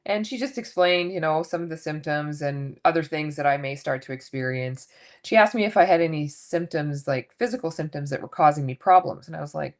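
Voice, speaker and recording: A woman's voice: low voice, brisk. A woman in her fifties telling her own story candidly as a guest in a casual interview, acting out what people said. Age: 50s. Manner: candid, animated storytelling with acted quotes. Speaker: guest coach.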